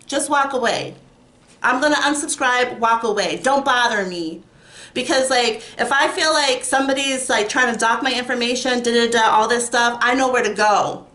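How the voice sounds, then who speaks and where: A woman's voice: high voice, normal speed, fairly bright tone. A young woman rants in a vlog, sounding upset, emphatic and rambling. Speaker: YouTuber. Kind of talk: ranting vlog. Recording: echoey room.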